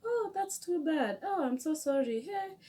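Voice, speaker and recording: A woman voicing a sympathetic young man at an airport, fussing over a stranger in a high, concerned tone. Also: animated, a little slow, mellow, far from the mic.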